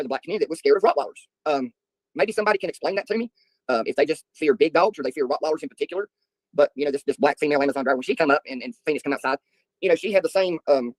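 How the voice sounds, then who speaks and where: Fast-talking folksy man. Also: a little high, no echo. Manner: rambling, folksy, laughs while telling stories. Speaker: livestream host. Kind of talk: casual storytelling chat with viewers.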